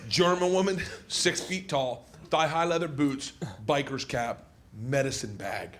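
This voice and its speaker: A man telling a stand-up story on stage, laughing at his own jokes, with his voice cracking high. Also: a little slow, a bit bright. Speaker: stand-up comedian. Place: comedy stage.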